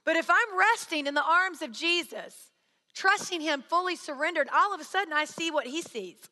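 High, bright woman preaching in a hall. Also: normal speed. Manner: earnest storytelling, acts out quoted voices. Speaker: speaker. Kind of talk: sermon with personal story. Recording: long hall reverb.

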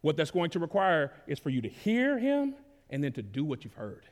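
A man from Dallas, preaching a sermon in a relaxed, conversational way, with casual slang and sudden rises in volume. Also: on the high side, moderate pace. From Dallas, Texas. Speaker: pastor. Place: church sanctuary. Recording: long reverb of a large hall.

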